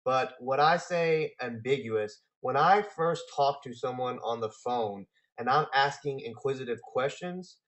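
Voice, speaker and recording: A man hosting a talk, relaxed and casual, answering viewer questions on sales with frequent fillers and restarts. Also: medium pitch, unhurried, hardly any pauses.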